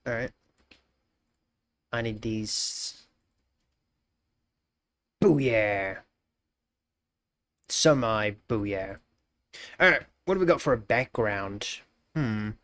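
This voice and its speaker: A man's voice: medium pitch, no echo. An Australian man live-streaming, casually greeting chatters and thinking aloud while he works, often repeating his phrases.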